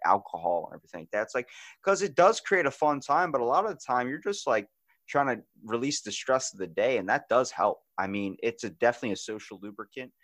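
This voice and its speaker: Guy hosting a podcast, gets loud and animated telling stories, cusses a lot, dry sound. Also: mid-range voice, quick pace, no echo. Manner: animated storyteller, swears freely, acts out quotes loudly. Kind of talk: casual chat.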